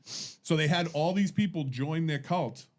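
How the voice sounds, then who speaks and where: A man in a casual podcast chat, recounting a story in an animated, profane way. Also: fairly high pitch, measured pace.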